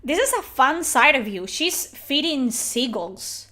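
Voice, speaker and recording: A woman's voice: high voice, very animated, slow, sharp tone, faint music behind. A young woman streaming a game and ranting about it, exasperated and swearing freely. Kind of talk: game reaction commentary.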